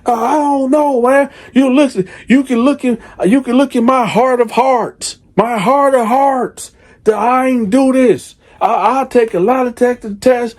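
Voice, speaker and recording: A man voicing a cornered stepfather who protests and pleads his innocence in a strained high voice. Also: measured pace, a little mellow. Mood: pleading.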